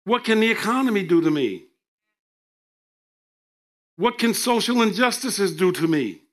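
A male preacher delivering a sermon, reading scripture with emphatic, drawn-out delivery and joking asides. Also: high-pitched, expressive.

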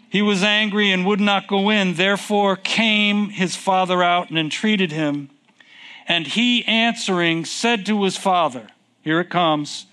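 A male preacher with a high-pitched voice delivers a sermon in an unhurried, deliberate cadence. He reads old-fashioned scripture aloud and pauses to throw questions to the congregation. He stretches out key words for emphasis. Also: pushed and bright, clean tone. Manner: reads scripture in King James wording, asks the congregation questions; slow, deliberate, drawn-out emphasis. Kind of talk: sermon with call and response.

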